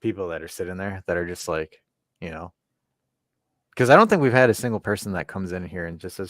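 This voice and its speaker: A lower-pitched man hosts a casual livestream chat, rambling and swearing as he reads comments aloud. His delivery swings animatedly up and down, and the sound is dry and close. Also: lively intonation, a little fast, fairly bright tone, dry recording. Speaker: podcast co-host.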